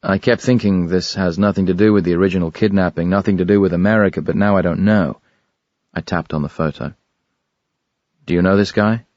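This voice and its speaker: A man narrating a thriller audiobook in the first person, with a measured, even delivery. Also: deep voice, dry recording, dull audio.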